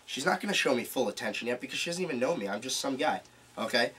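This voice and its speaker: A man presenting a live seminar to a small group, animated as he demonstrates different speaking tones. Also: medium pitch, fast, husky. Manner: animated, demonstrates vocal tones while explaining. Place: meeting room. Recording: distant mic with faint room noise.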